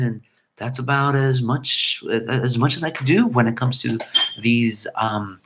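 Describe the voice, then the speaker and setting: A man's voice: medium pitch, moderate pace, a little hiss or hum. A middle-aged man hosting a casual livestream chat and answering viewer questions in a blunt, irreverent, rambling way.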